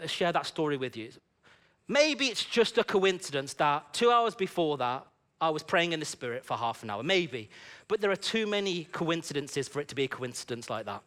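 A man preaching a sermon in a church service, telling a personal story in an animated, conversational way. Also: high-pitched.

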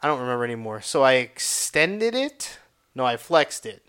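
A man's voice: mid-range voice, big pitch swings, moderate pace, pushed and bright, clean tone. A young man casually telling a rambling, profane personal story, full of restarts. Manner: profane, rambling, reenacts his own pained outbursts.

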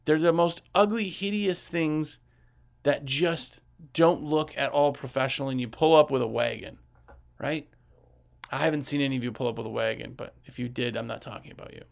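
A man giving casual business coaching tips, animated and conversational, asking rhetorical questions and acting out customers' voices. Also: mid-range voice, moderate pace, vocal fry.

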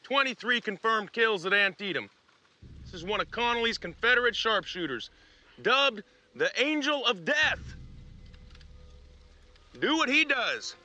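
A man's voice: very high voice, very animated, measured pace, pauses often, sharp tone, exaggerated voice. An actor playing a commanding gunfighter rallying his hired men in a film.

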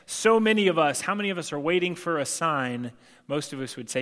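A man's voice: on the high side, expressive, a little fast, a bit bright. A young adult man preaching a sermon in a conversational, self-deprecating way, acting out the quotes he tells. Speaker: pastor. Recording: long hall reverb.

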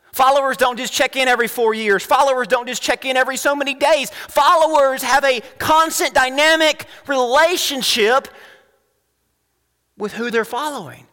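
A male pastor preaching a sermon, animated and full of rhetorical questions, swinging between loud and hushed. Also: extremely high pitch, normal speed, big-room sound.

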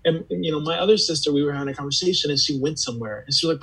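Earnest, husky-voiced reflective man. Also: a little high, rapid-fire, hardly any pauses, fairly bright tone, rough recording. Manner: earnest, searching, repeats words as he gathers thoughts. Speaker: podcast guest. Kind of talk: reflective conversational interview.

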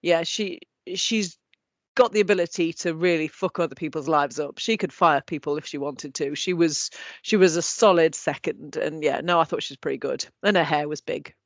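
A woman co-hosting a podcast, chatting in an animated, sweary way and laughing often. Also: low-pitched, moderate pace, no room sound. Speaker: podcast co-host. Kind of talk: casual chat.

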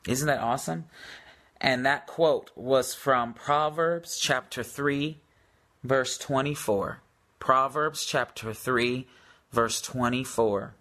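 A man's voice: medium pitch, sharp tone. A man preaching in a live-stream devotional, repeating declarations for listeners to say after him.

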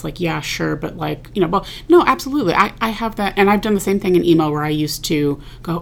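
A woman hosting a podcast in casual chat, talking freely with many fillers and quick agreement. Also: on the low side, animated, creaky. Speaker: podcast host.

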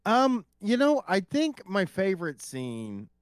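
A man's voice: high voice, wildly swooping pitch, slow pace, clear, resonant tone, no echo, clean studio sound. A man co-hosting a casual TV recap podcast, blunt and joking, with frequent swearing. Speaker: podcast co-host.

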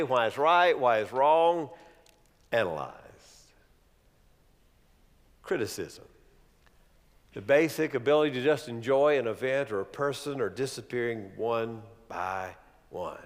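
Lively male pastor preaching in an echoey hall. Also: mid-range voice. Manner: animated, humorous preaching with rhetorical questions. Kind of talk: sermon. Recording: long reverb of a large hall.

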